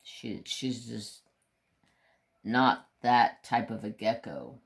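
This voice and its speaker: Slow, rambling male craft vlogger. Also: lowish voice, lively intonation. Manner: rambling, casual swearing. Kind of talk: casual chat to viewers.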